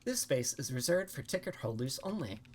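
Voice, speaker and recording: A woman voicing an automated ticket kiosk that speaks in a flat, officious way. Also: extremely low pitch, brisk. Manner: monotone, officious.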